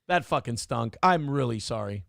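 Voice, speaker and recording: A man's voice: mid-range voice, lively intonation, moderate pace, vocal fry, fairly bright tone, no echo, studio quality. A man co-hosting a morning show, riffing in profane, joking casual banter.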